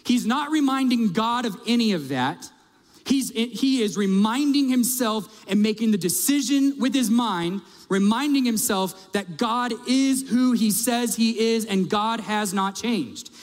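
A man's voice: very high-pitched, unhurried, faint music behind. A male pastor preaching a sermon in a conversational, emphatic way, asking his audience direct questions. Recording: long reverb of a large hall.

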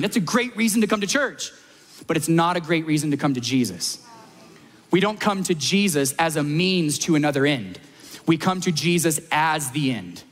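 A man's voice: high-pitched, long reverb tail. A man preaching a sermon as pastor at a church service, emphatic, repeating lines and building to peaks.

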